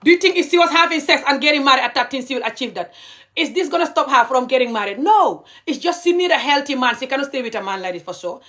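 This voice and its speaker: A woman's voice: high-pitched, lively intonation, rapid-fire, sharp tone. Indignant woman ranting on a livestream. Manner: passionate, indignant, repetitive. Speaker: live streamer. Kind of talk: live-stream rant to viewers.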